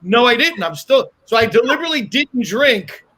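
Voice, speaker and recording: A man with a high voice spins a meandering comic story and circles back over the same point again and again. He chuckles at his own setup as he goes. The sound comes through a video call. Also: fairly quick, slightly rough. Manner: animated, repeats himself, laughs at own jokes. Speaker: comedian guest.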